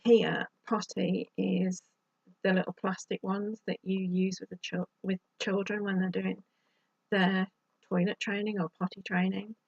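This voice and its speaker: Female vlogger, husky and dry-sounding, slightly muffled home recording. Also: medium pitch, little pitch movement, unhurried, dry recording. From United Kingdom. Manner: chatty, exasperated asides. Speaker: YouTube vlogger. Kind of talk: casual advice to camera.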